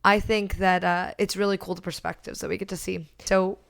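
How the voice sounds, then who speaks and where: Woman, book podcast co-host, casual rambling chat, clean smooth tone. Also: lowish voice, level tone, brisk, fairly bright tone. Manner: chatty, trails off and restarts.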